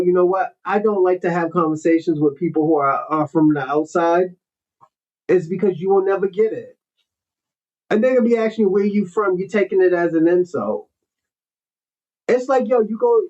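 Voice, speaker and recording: A man's voice: high-pitched, darkish tone. A man hosting a casual talk show, lecturing his audience bluntly and swearing now and then. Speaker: host. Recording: dull lo-fi audio.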